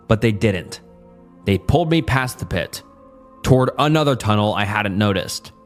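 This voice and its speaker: Man narrating a dark horror story. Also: medium pitch.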